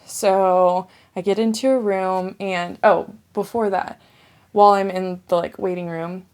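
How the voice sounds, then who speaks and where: A woman's voice: medium pitch, steady tone, a little slow, a little mellow, clean tone. A young woman casually telling her own birth story to camera, chatty and filled with "like" as she relives a hard labor. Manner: chatty, says "like" often, relives distress.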